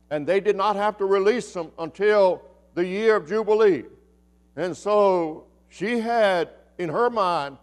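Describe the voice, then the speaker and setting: An older pastor with a Southern American accent delivers a sermon in a church, his voice sitting fairly high for a man. He acts out the figures he quotes, pressing hard on his points and then sinking to a soft, low storytelling voice. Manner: acts out quoted voices, swings from loud emphasis to hushed storytelling. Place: church sanctuary.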